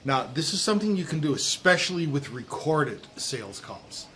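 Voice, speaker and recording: A middle-aged man giving sales coaching to camera outdoors, talking emphatically with drawn-out stresses and dropping low at times. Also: sing-song, fairly bright tone. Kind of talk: direct-to-camera coaching talk. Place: outdoors in a breezy warm place. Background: wind noise.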